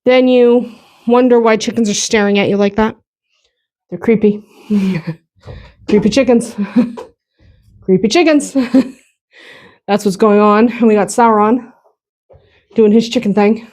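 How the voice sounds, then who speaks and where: A woman's voice: medium pitch, slow pace, pauses often, darkish tone, dry recording. A woman hosting a casual farm vlog outdoors, chatting and laughing often as she handles the animals. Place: outdoors on a muddy, snowy farm.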